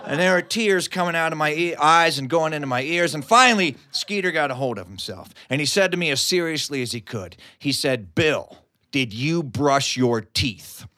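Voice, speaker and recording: A man's voice: on the high side, animated, fairly quick, few pauses, sharp tone. A man from West Virginia telling a humorous tall tale live, with comic asides and chuckles. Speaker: storyteller. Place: studio, live audience.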